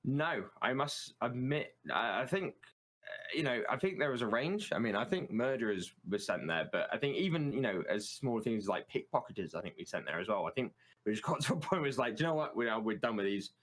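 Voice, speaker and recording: A man's voice: medium pitch, sing-song, fairly quick, fairly bright tone, slight background noise. A British man in casual chat as a guest, explaining words with plenty of ums and restarts. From United Kingdom. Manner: hesitant, many ums and restarts.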